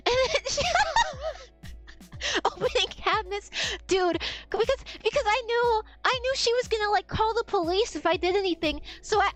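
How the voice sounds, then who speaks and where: A young adult woman telling a story on a livestream in a casual, animated way, swearing and laughing as she talks. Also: very high-pitched, normal speed, soft background music. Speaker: streamer.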